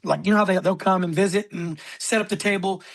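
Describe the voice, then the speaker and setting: Husky-voiced man telling war stories. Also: sits high, steady tone, fast talker, no echo. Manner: rambling, with frequent fillers and throat clearing. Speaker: podcast guest, military veteran. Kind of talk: casual storytelling interview.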